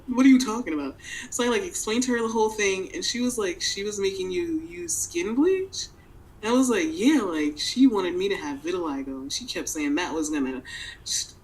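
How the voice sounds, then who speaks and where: A woman's voice: on the low side, poor audio. A young woman telling a personal story in a casual way, full of fillers and breaking into laughs. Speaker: interviewee.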